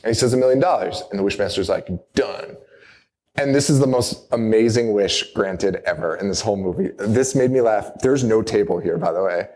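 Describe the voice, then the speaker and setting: A young man hosts a live horror podcast from a bar or venue, recapping a movie in casual, rambling banter with lots of laughing and acted-out quotes. His voice sits on the low side with a darkish tone, going a little fast with hardly any pauses.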